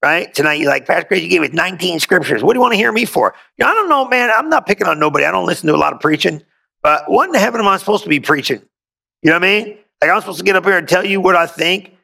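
A man's voice: high voice, animated, rapid-fire, vocal fry, bright, forceful tone. A male pastor preaching a sermon, reading scripture aloud and breaking in with exuberant call-and-response asides.

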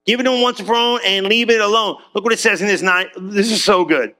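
A man preaching an energetic sermon, conversational and full of slang, acting out quick voices, swinging between loud bursts and low drawn-out lines, and asking the congregation questions. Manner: casual slang, asks the room questions. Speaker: pastor.

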